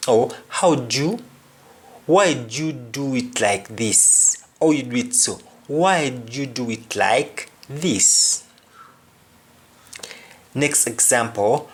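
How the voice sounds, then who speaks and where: A man's voice: medium pitch, husky. A man teaching a spoken language lesson, saying each example phrase twice and then explaining its meaning. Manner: deliberate, explanatory delivery.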